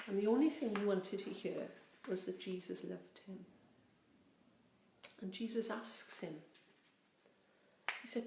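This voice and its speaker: A woman rector tells a children's story slowly and gently, stretching her words for effect. The room sounds echoey, with a faint hiss in the background. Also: medium pitch, gravelly. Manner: gentle, expressive, drawn-out. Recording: roomy, faint background noise.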